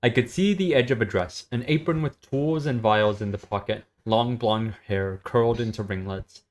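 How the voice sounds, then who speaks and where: A woman reading a web serial aloud on a stream, with a steady delivery and small self-corrections. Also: very deep voice, normal speed.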